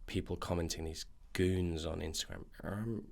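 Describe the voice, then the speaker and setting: A man's voice: low-pitched, level tone, normal speed, gravelly, few pauses. A man hosting a nutrition podcast, ranting in a casual monologue full of fillers and restarts.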